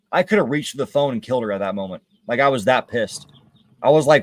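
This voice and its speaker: A man's voice: medium pitch, lively intonation, quick pace, no echo. A man hosting a casual gaming livestream, talking candidly and rambling with many hesitations and restarts. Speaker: livestream gamer host. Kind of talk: casual chat while gaming.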